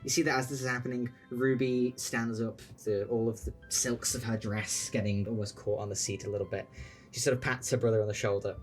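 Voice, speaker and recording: A man's voice: on the low side, flat delivery, brisk, faint music behind. A man running a tabletop game as game master, narrating loosely with lots of "like" and "sort of".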